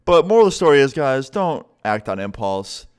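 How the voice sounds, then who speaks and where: A man's voice: mid-range voice, a little fast, clean tone. A young man casually telling a story to his vlog audience, swearing freely and acting out what others said. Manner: casual, profane, animated retelling. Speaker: vlogger.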